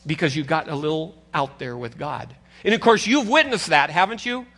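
An older man preaching a sermon as pastor, conversational and animated, teasing his congregation. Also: a little high, moderate pace.

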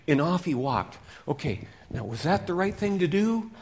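A male preacher telling a Bible story in a lively, interactive way, asking his listeners questions as he goes. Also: sits high, normal speed, hardly any pauses. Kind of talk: storytelling sermon.

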